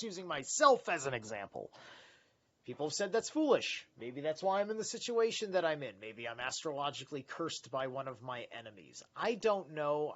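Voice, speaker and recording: A man's voice: a little high, bright, forceful tone. Rambling man on a lo-fi live stream. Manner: rambling, candid, swears, many restarts. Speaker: livestream host reading philosophy. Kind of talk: casual live reading and rambling commentary.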